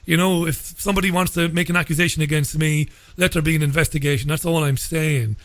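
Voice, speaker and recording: A man hosting a radio interview, speaking in a measured way and often repeating his first words. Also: fairly high pitch, steady tone, a bit bright, dry recording. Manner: measured, repeats words when starting a sentence. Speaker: radio show host.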